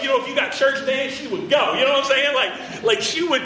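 Animated preacher guy, bright sharp voice, echoey hall, mic a bit far off. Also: very high-pitched, racing, few pauses, a little hiss or hum. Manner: animated, playful, acts out quotes. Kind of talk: lively sermon to students. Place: large room with audience. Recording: roomy hall, distant from mic.

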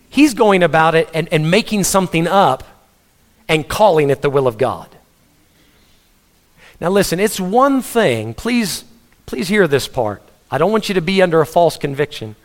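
Emphatic man preaching a sermon. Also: sits high. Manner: emphatic preaching with rhetorical questions and quick repeated words. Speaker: pastor.

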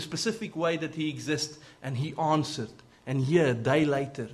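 A man preaching, telling a personal story in an earnest, animated way. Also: fairly high pitch, normal speed, hardly any pauses. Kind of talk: sermon storytelling.

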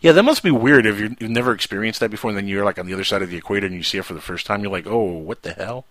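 A man's voice: on the low side, rapid-fire, fairly bright tone, no room sound. A man hosting a casual radio talk show, rambling and jokey. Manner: rambling, jokey storyteller who slips into impressions.

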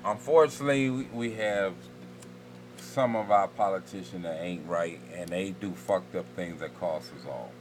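A man's voice: low voice, normal speed, slight background noise. A man co-hosting a podcast, chatting casually in a laid-back, careful way. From Turks and Caicos family roots. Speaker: podcast co-host. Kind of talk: casual chat.

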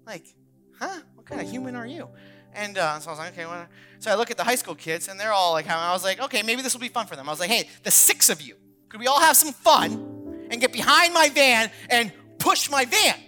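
A man in his thirties preaches with an animated, storytelling manner, slipping into the voices of the people he quotes. His tone is bright and forceful. Soft music plays behind him. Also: high voice, brisk. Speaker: pastor. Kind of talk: sermon with personal story.

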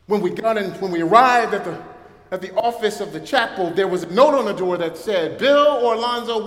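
A man preaching a sermon, telling a story and building toward a rising preacher's cadence. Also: sits high. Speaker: pastor. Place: church sanctuary. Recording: echoey church hall.

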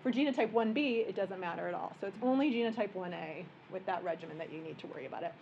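A woman, a physician giving a relaxed, joking medical workshop lecture in a conference room. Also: medium pitch, quick pace, muffled recording, slight background noise. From American Midwest. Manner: conversational and joking, explaining plainly.

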